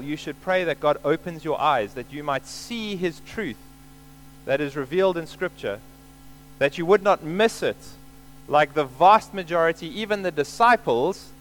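A man delivers a sermon in an earnest, explaining tone, circling back to stress his points. His voice sits a little high for a man. A faint hum runs underneath the recording. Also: a bit bright, poor audio. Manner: earnest, explains scripture with repeated emphasis. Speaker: preacher.

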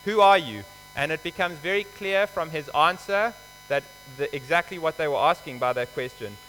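A man's voice: a little high, normal speed, pushed and bright, soft background music. A man preaching a sermon, explaining scripture in a conversational, emphatic way. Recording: hall reverb with faint mains hum.

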